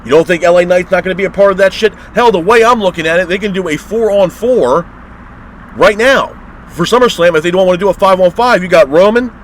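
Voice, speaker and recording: A fired-up man on a profane rant, his voice sitting a little high as he vents in exasperation. Faint street and car noise hums behind him. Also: a bit bright, rough recording. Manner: heated, exasperated, swears constantly. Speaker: wrestling review host. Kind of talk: profane ranting review.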